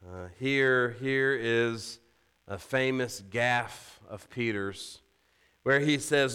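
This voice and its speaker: Bright, clear-voiced male preacher. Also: slow pace. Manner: animated, rising loud and high when quoting scripture; conversational asides, rhetorical questions. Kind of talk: sermon.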